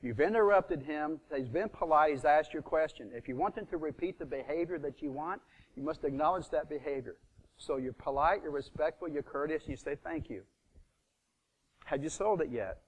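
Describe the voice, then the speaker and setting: A man's voice: on the high side, fairly quick. A middle-aged man leading a live real estate seminar, quizzing the audience with fill-in questions and acting out phone calls.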